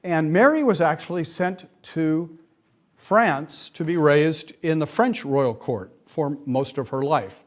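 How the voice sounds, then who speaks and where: A man's voice: a little high, slow pace. A middle-aged man giving a classroom lecture, speaking with frequent fillers and dry asides.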